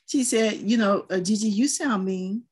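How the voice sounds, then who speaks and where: A woman's voice: mid-range voice, a little slow, crowd noise. An older woman and grandmother, speaking in a firm, earnest way in a group discussion and telling stories from home. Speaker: panelist. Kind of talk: casual discussion.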